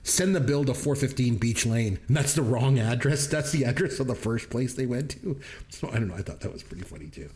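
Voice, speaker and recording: A man's voice: medium pitch, animated, brisk, hardly any pauses, darkish tone. Guy on a movie podcast, laughs a lot telling the scenes, easygoing chat. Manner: laughs often while retelling scenes. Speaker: podcast co-host. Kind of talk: casual movie review chat.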